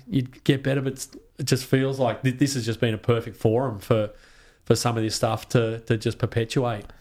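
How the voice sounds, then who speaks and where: An Australian man talking as a podcast guest in casual conversation, passionate and sweary, often restarting his sentences. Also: mid-range voice.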